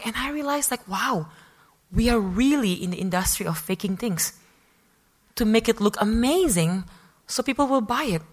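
Woman, former model, telling her story to a crowd; lively, acts out her own lines, often restarts mid-phrase. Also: on the high side. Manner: animated storytelling, acting out her own past remarks. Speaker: former fashion model giving a testimony. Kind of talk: personal testimony talk.

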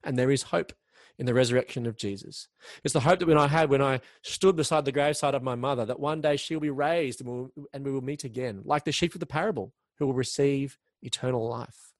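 Male preacher, earnest sermon delivery, medium pitch, dry close-miked recording. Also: dry recording. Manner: earnest, slows down for emphasis, occasional restarts.

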